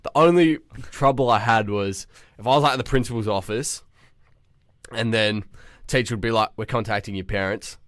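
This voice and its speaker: A man's voice: mid-range voice, normal speed, long pauses, no room sound, studio quality. A young man co-hosting a podcast, telling school stories in casual chat and acting out the people he quotes. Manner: animated storyteller acting out quotes. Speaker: podcast co-host.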